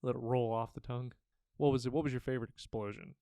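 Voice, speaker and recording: A young man co-hosting a podcast, retelling scenes in a relaxed, rambling way with plenty of fillers. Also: medium pitch, quick pace, vocal fry, clean tone, dry recording, studio quality. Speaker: podcast co-host. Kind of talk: casual chat.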